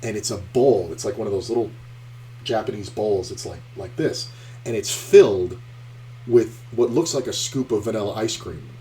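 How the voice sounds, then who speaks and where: Mellow-voiced man swearing through a stream. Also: fairly low pitch, normal speed. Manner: profane, animated storyteller, trash-talking at the screen. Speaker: poker streamer. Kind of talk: casual live-stream commentary and storytelling.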